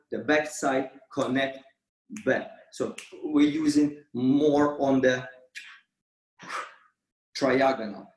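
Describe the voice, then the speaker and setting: Slow-talking dance teacher in an echoey studio. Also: male voice, mid-range voice. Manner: counts beats with vocal sounds. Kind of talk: dance class instruction. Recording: roomy, from far off.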